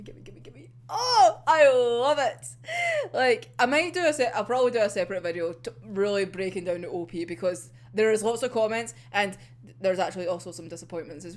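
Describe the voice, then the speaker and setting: Animated Scottish woman chatting, laughing. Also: on the high side. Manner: animated, laughs often, swears casually. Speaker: anime reviewer. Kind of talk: casual episode discussion.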